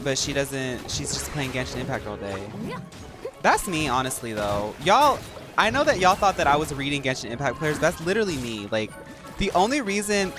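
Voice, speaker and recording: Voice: medium pitch, sing-song, normal speed, music in the background. Chatty rambling streamer. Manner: rambling, chatty, many fillers. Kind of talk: casual chat while gaming.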